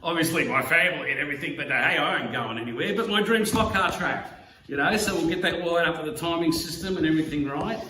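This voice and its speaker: A man's voice: on the high side, expressive, pushed and bright. Emotional Australian man, distant and roomy. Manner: emotional, halting, full of fillers and swearing. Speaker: slot car YouTuber. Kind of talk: heartfelt video message. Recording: roomy, distant mic, faint background hum.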